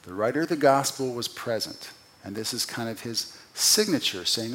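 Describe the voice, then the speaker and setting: Preacher swinging from loud to hushed. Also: male voice, expressive, moderate pace. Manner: swings from loud emphatic peaks to quiet low drops; asks the listeners rhetorical questions. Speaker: pastor. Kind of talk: expository sermon.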